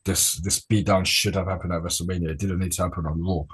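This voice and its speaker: A man hosting a casual wrestling chat, relaxed and rambling, with slangy sounding talk. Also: low voice, fast talker, crowd noise. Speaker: podcast host.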